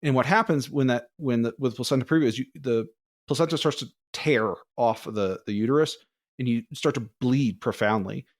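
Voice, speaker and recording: A man co-hosting a podcast, telling long, rambling personal stories in a casual, animated way. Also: mid-range voice, a little fast, no echo. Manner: rambling, animated, acts out quoted voices. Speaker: podcast co-host. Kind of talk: casual storytelling.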